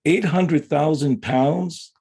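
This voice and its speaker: Older guy, gravelly husky voice, dark tone, earnest talk about a friend. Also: a little high, slow.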